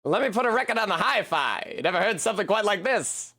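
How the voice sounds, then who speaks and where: A man's voice: high-pitched, animated, quick pace, bright, forceful tone, pitched above the performer's own voice, heavily acted. A man putting on a pompous transatlantic dad. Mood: smug. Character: smug middle-aged dad showing off his records.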